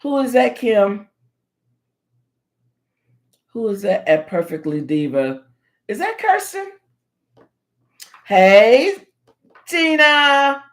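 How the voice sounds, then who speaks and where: A woman chatting casually on her livestream, her voice swinging high and low as she jokes. She teases her friends and breaks into laughter often, with an animated, playful delivery at a middling pitch. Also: slow, long pauses. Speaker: livestream host.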